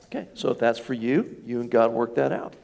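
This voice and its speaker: A middle-aged man delivers a sermon in a relaxed, talking-it-through style. He keeps asking the congregation questions as he goes. His voice has a gravelly, fry-tinged texture at an ordinary pitch. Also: brisk. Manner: conversational, asks the congregation questions. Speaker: pastor.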